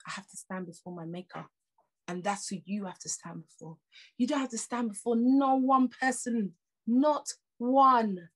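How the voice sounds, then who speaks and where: A woman's voice: fairly high pitch, normal speed. British woman preacher, emphatic, repeats lines for punch, chatty asides. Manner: conversational asides and laughs. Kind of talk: sermon.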